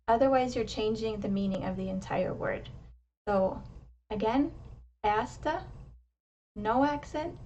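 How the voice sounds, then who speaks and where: A woman teaching pronunciation, explaining step by step and modelling each word slowly and with emphasis. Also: on the high side, a little mellow, distant mic, lo-fi sound, a little hiss or hum. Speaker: language teacher. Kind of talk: slow, careful pronunciation lesson.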